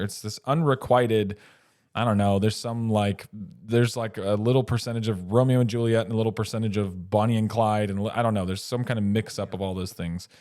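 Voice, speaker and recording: A man's voice: lowish voice, fairly even intonation, normal speed, a little mellow, no echo, clean studio sound. A man co-hosting a casual film podcast, rambling through the plot with self-interruptions and chuckling asides. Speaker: podcast co-host.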